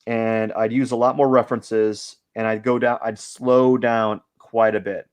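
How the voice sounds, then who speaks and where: A man's voice: lowish voice, level tone, measured pace, clean tone. A man hosting a live drawing stream, giving casual commentary as he works and thinking aloud in a rambling way, with lots of fillers.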